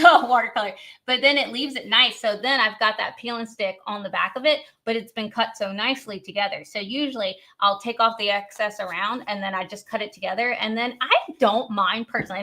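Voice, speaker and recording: A woman's voice: a little high, bright, forceful tone. A woman hosting a live craft demo, chatty and bubbly, laughing often as she reads viewer comments.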